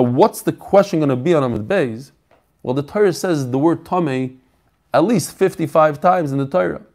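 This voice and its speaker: A man's voice: a little high, darkish tone. A man teaching a Talmud lesson, asking questions and answering them, repeating his phrases as he explains. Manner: mixes Yiddish-flavored terms into English. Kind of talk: daf shiur, teaching aloud.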